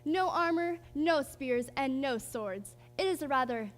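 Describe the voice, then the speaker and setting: A woman's voice: sits high, expressive, measured pace, soft background music. A woman playing a sly, lisping schemer in a stage musical. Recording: theater stage, long reverb.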